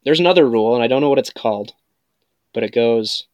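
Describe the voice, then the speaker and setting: Measured, hesitant man on a dry mic. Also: medium pitch, expressive, no room sound. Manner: measured, hesitant, with many ums. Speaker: life coach guest. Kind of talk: casual podcast interview.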